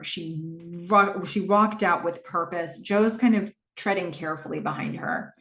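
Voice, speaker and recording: Slow-talking woman podcast host. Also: lowish voice, gravelly. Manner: reflective, asks listeners questions; narrates scenes with frequent fillers. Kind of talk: episode recap podcast. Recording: echoey room.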